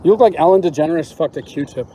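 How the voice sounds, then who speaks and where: A man's voice: fairly high pitch, fast, mellow. A man hosting a casual walking livestream on city streets, trading crude jokes with a guest. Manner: crude joking banter. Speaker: streamer host. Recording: outdoor street noise.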